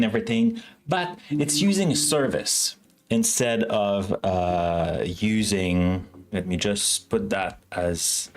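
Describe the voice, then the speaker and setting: Slow, rambling male stream host. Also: mid-range voice. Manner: rambling, self-correcting, chatty with viewers. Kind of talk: casual live-stream chat.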